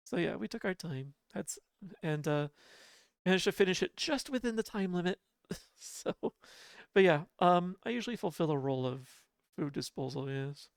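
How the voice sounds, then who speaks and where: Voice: medium pitch, expressive, normal speed, creaky, clear, resonant tone, dry recording, clean studio sound. A livestreamer chatting casually with viewers from home, laughing often and poking fun at themselves. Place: home apartment.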